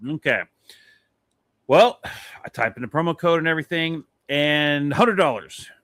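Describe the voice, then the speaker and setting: Man, slightly high and bright voice, loose profane storyteller, dry close mic. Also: a little slow, no echo. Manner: animated, swearing, rambling anecdote. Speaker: podcast co-host. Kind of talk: casual storytelling chat.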